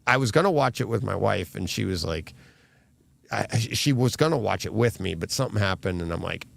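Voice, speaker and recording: A podcast co-host chats casually in a low, fairly quick voice with vocal fry. He's animated and laughs a lot, rambling with plenty of fillers.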